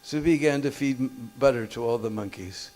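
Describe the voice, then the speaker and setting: A man's voice: mid-range voice, brisk, darkish tone. A man preaching in a temple hall, telling a story and checking with his listeners with short questions and chuckles. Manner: keeps checking listeners with short "hmm?" and "huh?", chuckles often. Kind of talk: storytelling sermon.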